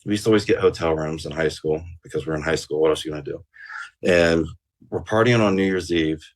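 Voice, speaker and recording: A man's voice: extremely low pitch, fast. A man guest on an interview show, telling a rambling story casually with plenty of swearing and fillers. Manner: rambling and profane, with many fillers.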